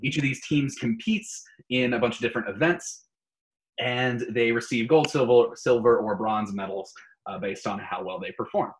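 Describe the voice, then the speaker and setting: A man's voice: medium pitch, moderate pace, poor audio. A man co-hosting a casual podcast, reading out riddles and running a playful tier-list segment. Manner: animated quiz-giver, playful. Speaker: podcast co-host.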